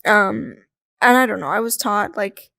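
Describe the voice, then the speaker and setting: A young adult woman chatting as a podcast guest, telling lively stories, acting out quoted voices and laughing often. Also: medium pitch, a little slow, gravelly, no echo, clean studio sound. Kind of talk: casual conversational interview.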